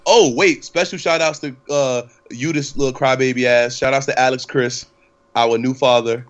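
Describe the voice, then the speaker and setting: A man's voice: medium pitch, fairly even intonation, moderate pace. Young male podcast host, loose ranting delivery, slightly dull recording. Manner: rambling, profane, lots of fillers and restarts. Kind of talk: casual podcast chat.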